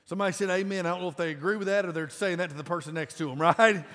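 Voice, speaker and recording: A man in his forties preaching a sermon to a congregation in a casual, emphatic way that breaks into loud bursts. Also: high-pitched, very fast. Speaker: pastor. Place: large church auditorium. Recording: live church sound with long reverb.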